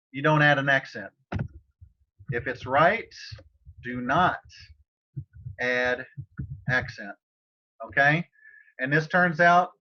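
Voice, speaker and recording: A man teaching a Spanish class over a video call, talking casually with many fillers and restarts. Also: medium pitch. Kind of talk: casual online tutoring session. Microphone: computer mic on a video call. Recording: slightly dull video-call audio.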